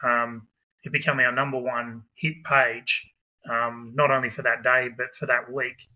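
Bright-voiced man telling a story. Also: mid-range voice, low-quality recording. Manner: lively anecdotal telling with quick asides. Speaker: guest, budgie club president. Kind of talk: animated storytelling.

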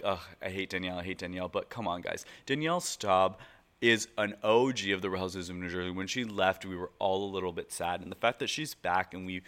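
A man recapping reality TV in a loose, chatty way, his voice bright and forward but sitting a little low. He gushes and rambles, peppering everything with "like.". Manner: excitable, gushing, full of "like" fillers. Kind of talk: casual recap commentary.

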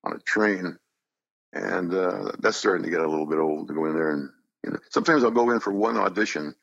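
An older man telling stories in a relaxed, wry manner. His low voice is gravelly and a bit husky but moves freely up and down. It is recorded dry and close. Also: brisk, no room sound, muffled recording. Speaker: voice actor, guest. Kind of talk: casual interview chat.

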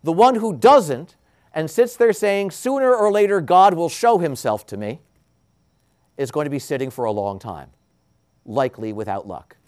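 A priest delivers a homily in a slow, deliberate preaching style, climbing to emphatic highs and falling to hushed endings. His male voice has lively intonation.

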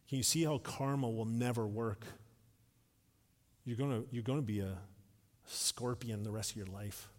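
A man's voice: steady tone, moderate pace, long pauses. Man preaching in a reverberant church. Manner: emphatic, rises in pitch and volume when reading scripture; drops to a soft, low voice for asides. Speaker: pastor. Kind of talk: sermon. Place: church sanctuary.

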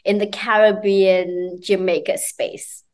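A woman's voice: mid-range voice, level tone, slow pace, darkish tone. A woman interviewing a guest in a friendly, upbeat way. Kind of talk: casual interview.

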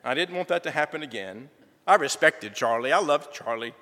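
Lively man giving church testimony. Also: fairly high pitch, brisk. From southern United States. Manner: folksy storytelling with gentle humor. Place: church sanctuary. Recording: reverberant church sanctuary.

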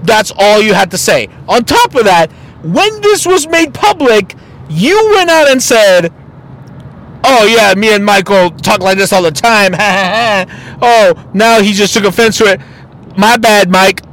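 A man's voice: very high-pitched, fairly bright tone, rough recording. A man hosting a podcast, delivering a blunt, profane opinion monologue. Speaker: podcast host.

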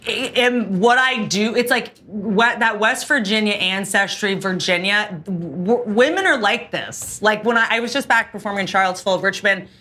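A woman comedian guesting on a cooking show, chatting fast in a blunt, deadpan way. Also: medium pitch. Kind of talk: casual chat.

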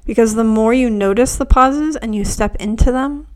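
A woman hosting a reflective spiritual podcast, talking softly and unhurriedly, often dropping to near whispers. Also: a little high, moderate pace. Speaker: podcast host.

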